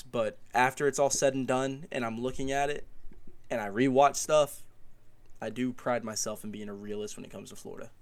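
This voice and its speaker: A man's voice: mid-range voice, steady tone, fairly quick. A young man co-hosting a sports podcast in casual chat, rambling and searching for words. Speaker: podcast co-host.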